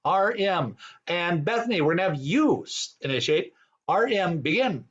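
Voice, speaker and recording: A man's voice: high-pitched, very animated, normal speed, dull audio, noisy background. A man hosting an online improv game show over a video call, teasing and hesitant with many ums.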